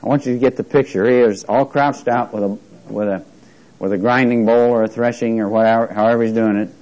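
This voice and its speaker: Male Bible teacher leading a chatty class; drawn-out scripture reading, playful asides. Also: mid-range voice, fairly even intonation, a little mellow, dull audio. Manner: reads scripture slowly with emphasis, jokes with class. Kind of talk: interactive Bible lesson.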